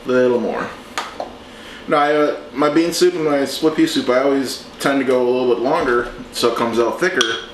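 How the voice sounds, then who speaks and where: A man's voice: mid-range voice, normal speed, noisy background. Chatty man cooking in an echoey kitchen. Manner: relaxed and chatty, talks as he works. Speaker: home cooking show host. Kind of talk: casual cooking demonstration. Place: home kitchen. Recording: echoey kitchen with clattering dishes.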